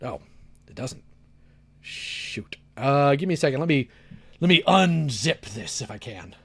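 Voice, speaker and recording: A man's voice: mid-range voice, unhurried, creaky, husky. A man giving casual, sarcastic commentary as a YouTuber, talking while he clicks through files. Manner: sarcastic, lively, talks while working the computer.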